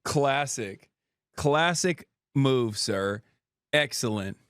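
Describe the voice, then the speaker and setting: Man, 30s, streamer host, sarcastic, profane, casual commentary, smooth resonant voice. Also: mid-range voice, animated, very slow, fairly bright tone, no room sound, studio quality. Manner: sarcastic, profane, laughs often.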